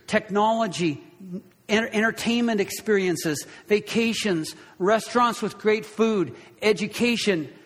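A man preaching a sermon as a pastor, impassioned, swinging between loud bursts and hushed, quiet lows. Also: in a large hall.

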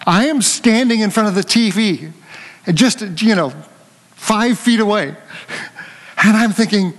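An older man preaching a conversational sermon, telling a lively story and joking with his congregation. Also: high-pitched, unhurried, pauses often, long reverb tail. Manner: animated storytelling, jokes with the congregation.

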